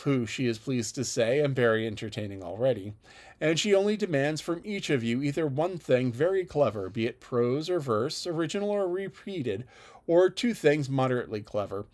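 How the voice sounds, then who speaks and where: Man reading a lively, impudent young gentleman. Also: mid-range voice, close to an everyday voice.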